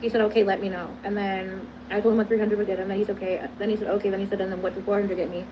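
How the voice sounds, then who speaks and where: A woman's voice: mid-range voice, level tone, racing. A young woman recounting a text exchange in casual, exasperated storytelling. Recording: noisy background in the clip.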